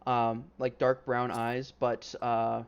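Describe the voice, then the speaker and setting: A man's voice: medium pitch, completely flat delivery, takes it slowly, clear, resonant tone, highs cut off. Rambling man running a tabletop game. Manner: rambling, casual, many fillers, swears. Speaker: game master.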